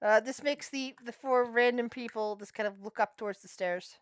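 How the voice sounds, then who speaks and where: A woman's voice: fairly high pitch, moderate pace. A woman narrating as game master of a tabletop game, chatty and often searching for words mid-sentence.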